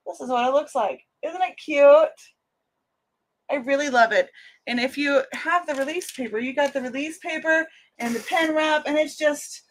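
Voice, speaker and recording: A woman's voice: sits high, slight background noise, low-quality recording. Chatty, giggly woman hosting a craft livestream. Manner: chatty, giggly, jumps between topics. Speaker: craft channel host. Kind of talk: casual livestream chat.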